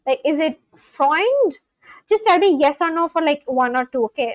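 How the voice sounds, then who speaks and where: High-voiced woman chatting on a livestream. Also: no room sound, low-quality recording. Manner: chatty, thinks aloud, sounds out foreign words slowly. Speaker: language-learning livestreamer. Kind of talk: casual livestream chat.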